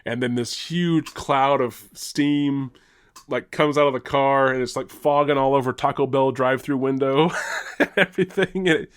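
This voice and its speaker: A man's voice: medium pitch, moderate pace, clean tone. A young man co-hosting a podcast, telling a long story in casual chat, rambling, restarting, swearing and laughing as he goes. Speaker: podcast co-host.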